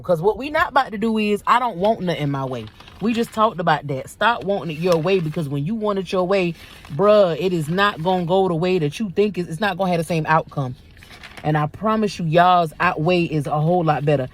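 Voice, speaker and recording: Woman, 30s, low-ish voice, animated faith talk straight to camera viewers. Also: fairly quick. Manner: animated, repeats herself, addresses viewers as y'all. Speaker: faith video host. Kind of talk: casual spiritual talk to viewers.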